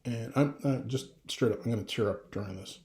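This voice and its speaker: A man's voice: medium pitch, a little fast, a little mellow, roomy sound. A middle-aged father talking casually to camera, rambling with restarts and getting emotional. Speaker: vlogger.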